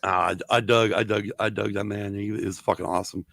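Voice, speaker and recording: A middle-aged man hosting a podcast, telling stories in a casual, profane, animated way with a gravelly voice. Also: lowish voice, quick pace, no room sound. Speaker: podcast host. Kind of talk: casual storytelling chat.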